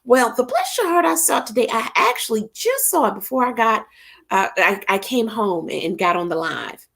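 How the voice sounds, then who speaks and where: Her fairly high voice carries some vocal fry and moves at a moderate pace. The middle-aged livestream host is lively and chatty, greeting viewers by name with Southern church expressions.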